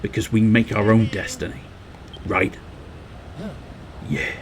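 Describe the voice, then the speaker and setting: A man's voice: lowish voice, little pitch movement, takes it slowly, slight background noise. A man streaming a video game, chatting playfully and joking to himself as he plays. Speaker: gaming streamer. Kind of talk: casual live gameplay commentary.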